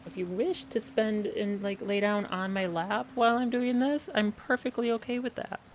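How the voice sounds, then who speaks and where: A woman's voice: mid-range voice, steady tone, normal speed, a little hiss or hum. A woman streaming a game from her home office, chatting casually, answering her chat and talking to her cat. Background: background music.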